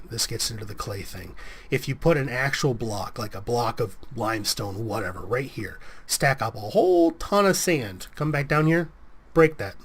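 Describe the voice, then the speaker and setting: This man's mid-range voice is slightly rough as he hosts a let's play, offering rambling, chatty commentary on the game and backtracking to fix what he says. A mild sniffle hints at an oncoming cold.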